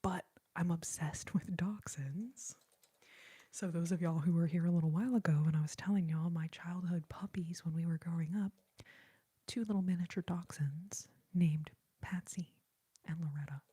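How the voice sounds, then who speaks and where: A woman chats with her live audience in a soft ASMR whisper. Her voice is breathy and mellow and sits a little low. She talks slowly and easily. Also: fairly even intonation. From Texas. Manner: soft, chatty, unhurried whispering. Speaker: ASMR host.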